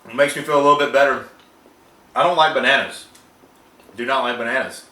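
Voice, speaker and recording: A man's voice: mid-range voice, steady tone, fairly quick, sharp tone, distant mic. A man co-hosting a casual food-tasting show, giving blunt, short reactions. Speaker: co-host. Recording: echoey room, a bit off-mic.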